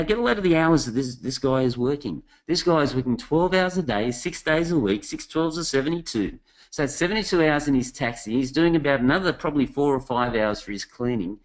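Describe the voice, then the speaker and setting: A man's voice: medium pitch, rough recording. A man presenting a business webinar, telling stories in a chatty way and speaking straight to his audience. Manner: chatty storytelling, addresses the audience directly.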